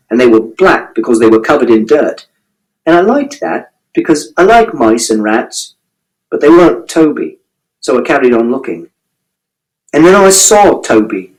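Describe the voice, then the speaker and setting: Male audiobook narrator, matter-of-fact, literal first-person telling; animated, slightly high pitch. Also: poor audio.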